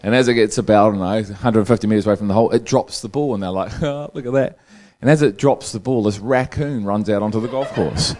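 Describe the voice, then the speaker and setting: A man with a fairly low voice delivers a light-hearted sermon. He tells stories in a casual, joking way and laughs along with his own jokes. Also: fast, hardly any pauses, a little mellow, a little hiss or hum. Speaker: preacher. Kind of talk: humorous sermon.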